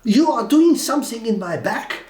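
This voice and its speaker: A man putting on the voice of an exasperated male boss who scolds a subordinate in high-pitched, broken English. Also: big pitch swings, normal speed, a little mellow. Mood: indignant. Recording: roomy echo.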